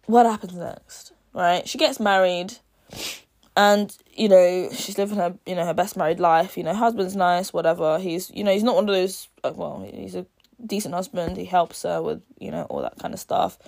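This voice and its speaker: A woman's voice: on the low side, fairly even intonation, moderate pace, creaky, darkish tone. A young woman in a casual video, chattily retelling a novel's plot and acting out the characters' lines as she goes. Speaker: book reviewer.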